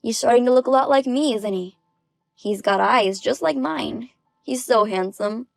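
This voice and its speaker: A woman reading the lines of a smug, bullying ex-husband in his forties for a text story, in a gravelly, dry voice. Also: a little high, normal speed, no room sound, soft background music. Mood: gloating.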